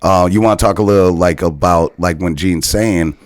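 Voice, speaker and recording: A man with a very low voice co-hosts a podcast and talks in an easy, chatty way. He keeps backing up and affirming his guest. The sound is dry and close to the mic. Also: fairly quick, dry recording. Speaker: podcast co-host. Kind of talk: casual conversation.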